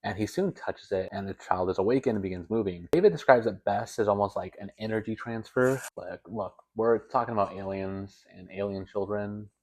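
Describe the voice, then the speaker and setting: A man's voice: on the low side, fairly quick, few pauses. A young man hosting a video, telling a story in a casual, rambling way with stammers and self-corrections. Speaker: video host.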